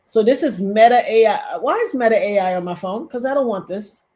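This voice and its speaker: A woman hosting a casual livestream, reading viewer comments aloud and talking straight to her audience in an animated way. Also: mid-range voice, fairly quick. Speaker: livestream host.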